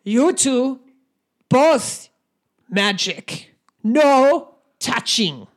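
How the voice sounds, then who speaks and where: A woman's voice: a little high, fairly quick, lightly acted. A woman voicing a stern male shapeshifting magic teacher who barks short orders in a tabletop game. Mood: commanding. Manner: curt, barking orders.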